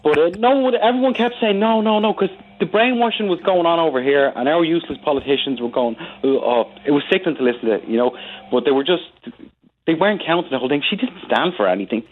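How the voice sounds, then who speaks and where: A man's voice: a little high, animated, quick pace, a little hiss or hum. A man calling in to a radio show, rambling and chatty, saying "you know" often. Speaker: caller. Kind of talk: phone call-in chat. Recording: tinny phone line.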